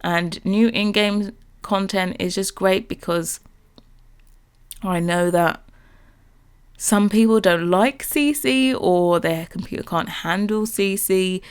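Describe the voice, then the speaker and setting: A young woman chatting casually over a game build, bubbly and rambling as she gets excited about new content. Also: medium pitch, slow, smooth. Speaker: Sims builder and YouTuber.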